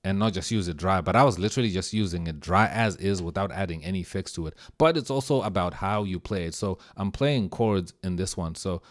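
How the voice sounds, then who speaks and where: A man's voice: sits low, a little fast, hardly any pauses, no room sound. A man giving a casual, slang-filled lesson on music production, easygoing as he walks through sounds. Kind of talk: casual screen-share tutorial. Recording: music playing under the voice.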